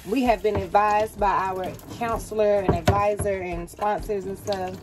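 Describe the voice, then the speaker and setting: A young woman vlogging casually in a small RV kitchen, chatty and playful, talking straight to her viewers. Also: mid-range voice. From United States. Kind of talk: casual chatty vlog talk. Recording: music playing under the voice. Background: background music.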